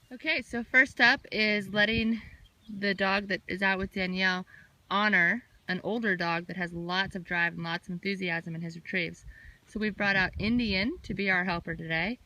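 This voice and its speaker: A woman dog trainer giving a steady, explanatory lesson outdoors in a field. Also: on the low side. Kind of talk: instructional narration. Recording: echoey, from far off.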